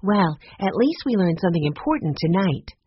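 A woman's voice: on the low side, sing-song, moderate pace, highs cut off, a little hiss or hum. A woman reading as an eager girl sleuth. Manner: insistent, impatient.

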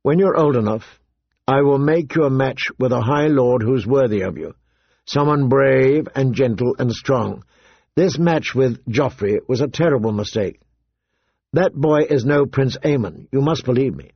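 A man voicing a gentle, grave noble father in a storybook reading, speaking softly and earnestly. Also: medium pitch, measured pace, vocal fry, breathy edge, no echo. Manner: soft, calm and earnest. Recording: dull, dry lo-fi recording.

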